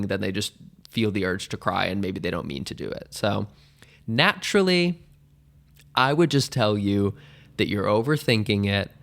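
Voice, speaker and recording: A man hosting a podcast, answering listener questions in a candid, rambling, self-mocking way. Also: fairly low pitch. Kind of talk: casual advice chat.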